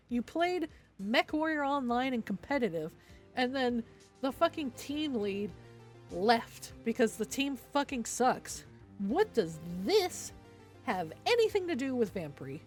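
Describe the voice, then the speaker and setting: A young woman streamer rants in angry, sarcastic bursts, swearing constantly and sounding proudly petty. Her voice sits a touch higher than most. Faint background music plays under her talk. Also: big pitch swings, moderate pace. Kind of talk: ranting commentary on stream.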